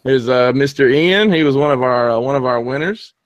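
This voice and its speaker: A man's voice: mid-range voice, a little fast, no room sound, muffled recording. Laid-back man, often chuckling. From Alabama, US. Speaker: podcast host. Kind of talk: casual chat.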